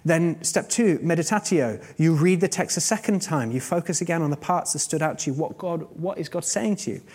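A man's voice: fairly high pitch, fairly quick, darkish tone. A man preaching a sermon in a conversational, earnest teaching manner, using everyday examples.

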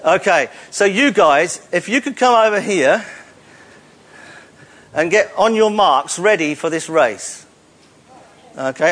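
High-voiced man teasing a live audience. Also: fairly bright tone. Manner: teasing, jokey, coaxing volunteers. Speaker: presenter leading audience participation. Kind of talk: playful live audience talk. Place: stage in a hall before an audience.

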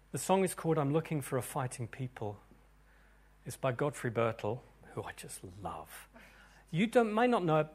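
A male pastor leads his congregation in sermon and prayer, sinking to near-whispers before surging into loud, fervent declarations. His voice is mid-range with a breathy edge.

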